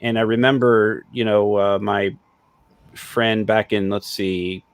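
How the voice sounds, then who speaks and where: A man's voice: lowish voice, flat delivery, takes it slowly, clean tone, no room sound. Man explaining over a video call. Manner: explanatory, filler-heavy, with small laughs. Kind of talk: casual livestream discussion.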